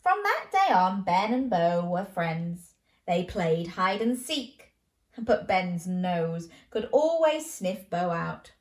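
A woman's voice: fairly low pitch, sing-song, takes it slowly, reverberant. A woman hosting a children's show, reading a bedtime story aloud playfully and asking the listener questions.

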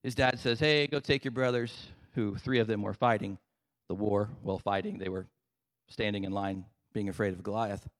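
A man's voice: on the low side, steady tone, normal speed, long reverb tail. A man preaching a sermon and retelling a story in a conversational way, with casual asides. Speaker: pastor.

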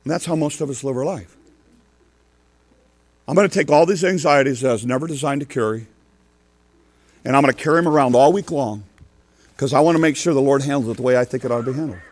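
Here a grandfatherly pastor tells down-home stories in a folksy sermon, acting out quotes with sharp shifts between loud and soft. He talks fast in a mid-range voice but stops to pause often.

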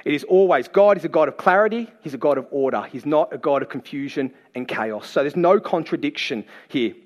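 A man preaching a sermon, telling the story in a lively, playful way and acting out the people in it. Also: on the high side, brisk, highs cut off. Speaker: pastor.

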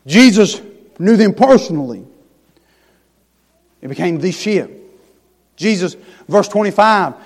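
A man preaching a sermon in a folksy, down-home way, dropping to hushed tender lines and building to loud, rising emphasis. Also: sits high. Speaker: pastor. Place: church sanctuary. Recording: long hall reverb.

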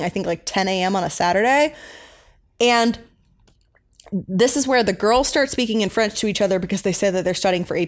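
A young woman co-hosting a podcast, chatting casually and rambling with lots of fillers as she recaps an episode. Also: medium pitch. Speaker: podcast co-host.

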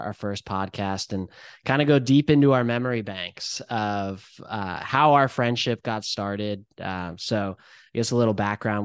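This is a young adult man co-hosting a podcast, chatting in an easygoing, reflective way. His voice sits a little low and sounds smooth and resonant. The sound is dry and close, with no room echo. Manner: relaxed and reflective, with many "like" and "um" fillers. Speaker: podcast co-host. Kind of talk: casual chat.

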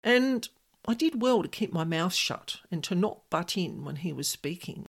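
A woman hosting a podcast, telling a personal story in a chatty, animated way and quoting voices. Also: fairly low pitch, moderate pace, vocal fry. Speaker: podcast host.

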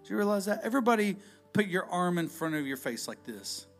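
High-voiced preacher, lively delivery. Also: male voice, brisk, soft background music. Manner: lively, conversational preaching with shifts between loud and hushed. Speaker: pastor. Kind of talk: sermon.

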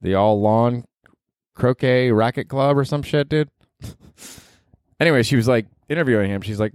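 A man's voice: mid-range voice, normal speed, pauses often, a little mellow, smooth, no room sound, studio quality. A young man hosting a comedy podcast, rambling and cursing in a self-mocking way. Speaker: podcast host. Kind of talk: casual comedic monologue.

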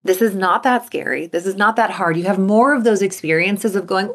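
A woman hosting a motivation podcast as a coach. She talks in an upbeat way and acts out inner thoughts in a lively voice. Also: medium pitch, fairly quick, few pauses.

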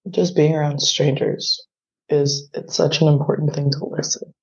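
A woman's voice: deep voice, flat delivery, moderate pace, breathy edge, lo-fi sound. A woman co-hosting a podcast, chatting casually in a laid-back, rambling way. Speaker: podcast co-host. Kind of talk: casual chat.

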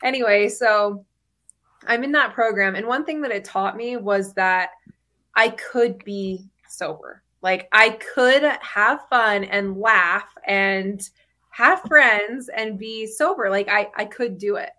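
A woman's voice: mid-range voice, takes it slowly, bright, forceful tone. A woman in her thirties sharing her personal story as a podcast guest, chatty, with frequent fillers and laughs between phrases.

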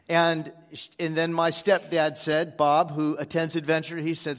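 A man, one of the church's pastors, preaching a sermon to his congregation in a relaxed storytelling way, with frequent "uh" fillers. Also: a little high, normal speed, in a large hall. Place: church sanctuary.

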